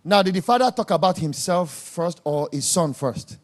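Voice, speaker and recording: A man with a high, expressive voice preaches a sermon at a moderate pace. He scolds his listeners emphatically and drives his points home by repeating words.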